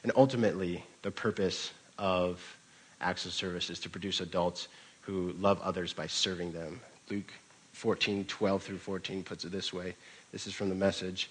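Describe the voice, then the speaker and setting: Pastor guy giving a sermon, low voice, casual storyteller vibe. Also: steady tone, moderate pace, a bit bright, husky, low-quality recording. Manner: conversational storytelling with occasional restarts.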